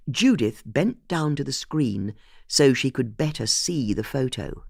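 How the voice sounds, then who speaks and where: An audiobook narrator reading a mystery novel in an expressive, scripted way. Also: mid-range voice, measured pace, creaky, dry recording, clean studio sound.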